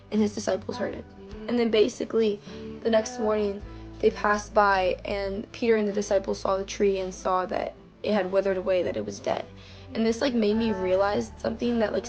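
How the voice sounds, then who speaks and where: A young woman giving a rambling personal faith testimony straight to her viewers, saying "like" a lot and talking to them as "you guys". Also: mid-range voice. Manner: rambling, heavy use of "like", addresses viewers directly. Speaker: faith vlogger. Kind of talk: casual personal testimony to camera.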